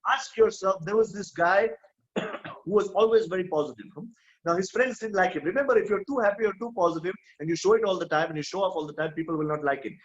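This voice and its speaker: A motivational speaker talks fast in a high voice at an online event, with the recording's highs cut off. He is emphatic, repeats his core phrases, and keeps checking in with "hmm?".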